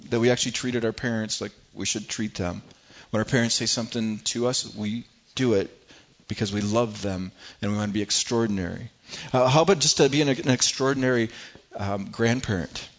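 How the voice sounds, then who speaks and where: A man's voice: on the low side, fairly even intonation, brisk, muffled recording. A middle-aged man preaching a sermon as pastor, earnest and prone to repeating words as he builds his points.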